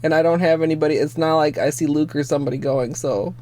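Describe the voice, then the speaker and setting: A young adult woman streamer chatting casually at home, excitable and given to swearing, teary-eyed and sniffling. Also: low voice, fast. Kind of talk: casual livestream chat.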